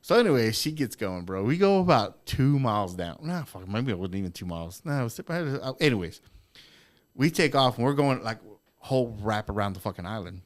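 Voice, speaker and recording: A man on a podcast telling a story in casual, profane, animated talk with frequent laughs. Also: on the low side, fairly quick. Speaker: podcast guest.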